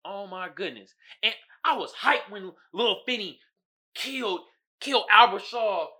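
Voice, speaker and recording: A man hosting a podcast, recapping a horror movie and reading memes in a casual, animated monologue, swearing freely and breaking into loud shouted impressions. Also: high voice, measured pace, husky. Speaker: podcast host.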